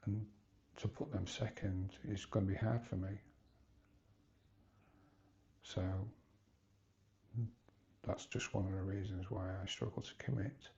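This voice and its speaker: A man's voice: low voice, steady tone, unhurried, gravelly, long pauses, warm tone, dull audio. A man in his fifties talking hesitantly in a personal confessional vlog, rambling and restarting often. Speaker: vlogger.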